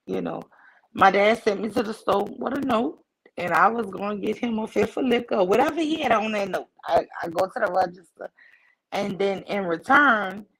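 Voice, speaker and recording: A woman livestream host telling a personal story to her chat in a casual, animated way, acting out the voices in it. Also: medium pitch, slightly rough, low-quality recording. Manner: animated, acts out quoted voices.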